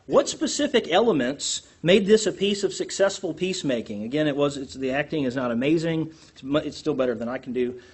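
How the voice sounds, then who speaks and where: Man teaching a class with a husky voice. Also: fairly high pitch, a little fast, few pauses. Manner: animated, asks the group questions, self-deprecating.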